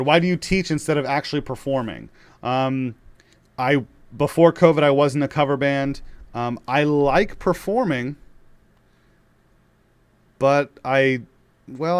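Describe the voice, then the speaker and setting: Casual chatty male drum teacher. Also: mid-range voice. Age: young adult to middle-aged, father of young kids. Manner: relaxed, chatty, many fillers and restarts. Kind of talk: casual spoken drum lesson.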